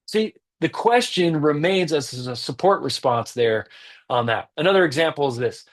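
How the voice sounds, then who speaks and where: A man's voice: a little high, expressive, moderate pace. Earnest, emphatic male teacher. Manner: earnest, emphatic, repeats key points. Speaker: leadership teacher. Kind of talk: teaching talk.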